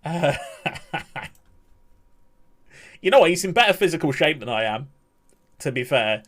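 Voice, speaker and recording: A man's voice: on the high side, big pitch swings, a little slow, a bit bright. A young man, chatting casually on a live stream, laughing often and ranting in mock outrage.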